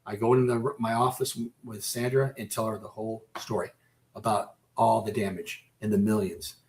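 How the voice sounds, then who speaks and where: Halting, emotional male radio guest. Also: fairly low pitch, steady tone, darkish tone. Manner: halting, repeats and restarts phrases; emotional, close to breaking down. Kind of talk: personal storytelling in a radio interview.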